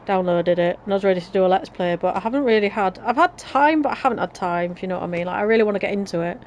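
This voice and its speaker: A woman's voice: medium pitch, steady tone, rapid-fire, darkish tone, a little hiss or hum, rough recording. A woman with a Yorkshire accent chatting and rambling through casual gameplay commentary. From Yorkshire, England. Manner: chatty and rambling, with restarts and British slang. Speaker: let's play gamer.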